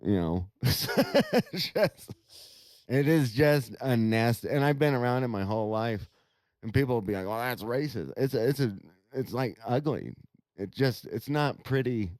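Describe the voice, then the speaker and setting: A man's voice: mid-range voice, normal speed, a little mellow, no room sound. A man co-hosting a podcast, speaking bluntly and provocatively in casual chat. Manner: blunt, provocative, laughs at own remarks. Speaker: podcast co-host.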